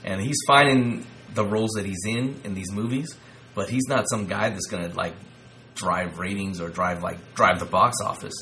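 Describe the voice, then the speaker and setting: A man co-hosting a casual podcast, talking in a measured, low-key way with some stammering. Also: bright, forceful tone, a little hiss or hum, low-quality recording. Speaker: podcast co-host. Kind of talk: casual wrestling podcast chat.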